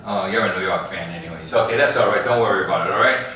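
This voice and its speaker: A man with a bright voice leads a tour through a big ballpark, spinning stories and checking in with "okay?" after his points. He was recorded from a distance, so his voice rings with heavy echo over faint background noise. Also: deep voice, very fast. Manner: storytelling, tags lines with "all right?" and "okay?". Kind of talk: guided tour talk. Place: outdoors in a large ballpark.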